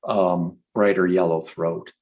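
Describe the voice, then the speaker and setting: A man from Michigan teaching about frogs in a relaxed, chatty live presentation, now and then imitating frog calls. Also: deep voice, slow, low-quality recording. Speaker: nature educator.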